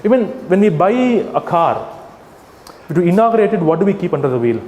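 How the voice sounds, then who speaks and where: High-voiced man lecturing in a hall. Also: fairly quick. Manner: animated, addresses the audience directly, mocking examples. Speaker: animal rights activist. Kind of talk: lecture to a live audience. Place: hall with an audience. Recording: echoey hall, faint ambience.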